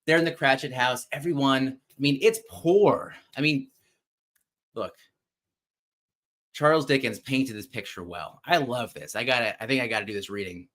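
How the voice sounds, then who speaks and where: A man hosting a casual live show, retelling a favorite story in an animated, chatty way with some offhand swearing. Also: mid-range voice, moderate pace. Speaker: podcast host.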